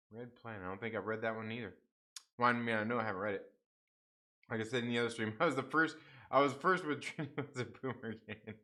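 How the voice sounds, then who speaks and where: Young man, livestream host, bright voice, casual and profane, fumbling with stream settings, chatting with viewers. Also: medium pitch. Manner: frustrated, swearing, laughing off a stream mix-up.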